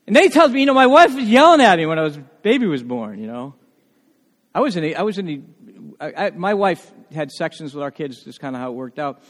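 A man preaching a sermon as pastor, telling stories in an animated way and often restarting his words. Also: on the high side, fast, big-room sound. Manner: animated storytelling with frequent restarts.

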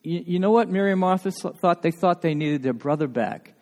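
Preacher, male, high voice, emphatic and dynamic, big reverberant hall. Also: animated, brisk. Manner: emphatic, swings from loud to hushed. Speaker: pastor. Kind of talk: sermon.

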